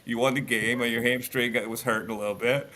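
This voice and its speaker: Speaking quickly at a medium pitch, this middle-aged former sports radio host chats casually on a podcast. His storytelling is blunt and animated, full of false starts and restarts.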